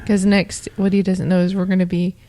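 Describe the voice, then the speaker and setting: A woman's voice: fairly low pitch, level tone, a little fast, dark tone. A woman co-hosting a paranormal radio show, chatting casually with frequent giggles and plenty of enthusiasm. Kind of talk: casual banter.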